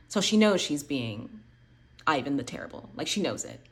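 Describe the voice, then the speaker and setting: Give me a woman in her late twenties with a lowish voice, reflecting on her past in a loose conversational way. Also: very animated, fast. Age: late 20s. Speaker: channel host. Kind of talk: personal storytelling commentary.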